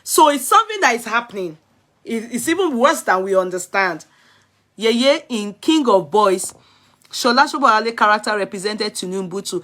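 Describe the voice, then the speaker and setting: A woman's voice: mid-range voice, animated, normal speed, fairly bright tone. A woman with a Yoruba-inflected Nigerian accent, chatting casually on a live stream and answering viewers' comments bluntly. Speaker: vlogger reviewing films.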